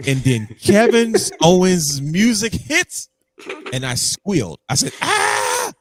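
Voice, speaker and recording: A man's voice: high-pitched, very animated, takes it slowly. A man co-hosting a podcast in casual chat, telling stories animatedly and acting out his own reactions. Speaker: podcast co-host.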